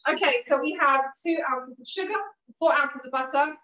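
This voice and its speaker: A woman with a high voice leads a cooking lesson in a kitchen, giving patient, encouraging instructions. Her throat is a bit rough, with the odd cough. She sounds a step away from the mic, in a roomy space with dull, muffled sound. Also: moderate pace, pushed and bright, recorded from a distance. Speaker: cooking class host. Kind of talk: live online cooking lesson.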